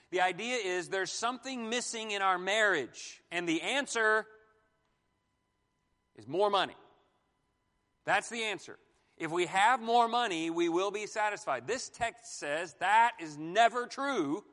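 A man with a high, bright voice preaches to a class in an animated way, firing questions at the room and slipping in jokes. His voice rings through a hall with a long echo. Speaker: pastor teaching a marriage class. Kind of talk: sermon-style Bible teaching.

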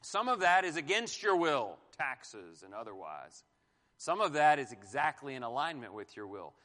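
A man in his forties teaching a Bible class on marriage, animated, asking the room questions and joking. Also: medium pitch, moderate pace, long reverb tail. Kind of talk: sermon-style Bible teaching.

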